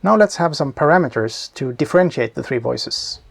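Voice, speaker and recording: A man's voice: on the high side, moderate pace, vocal fry, a little hiss or hum. Methodical man talking through code. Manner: calm, methodical, thinking aloud step by step. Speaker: programmer explaining his work. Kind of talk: screen-recorded coding tutorial.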